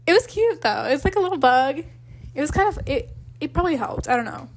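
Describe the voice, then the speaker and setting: A young woman co-hosting a podcast, speaking in a slightly high voice. She rambles through a personal story in casual chat, leaning on fillers and laughing along the way. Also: very animated, fast. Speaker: podcast co-host.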